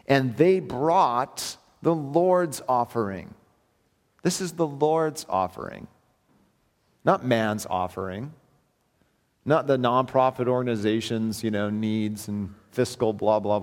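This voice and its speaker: A man preaching a verse-by-verse sermon in an earnest, emphatic way, often repeating his phrases. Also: medium pitch. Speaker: pastor. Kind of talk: expository sermon. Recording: long hall reverb.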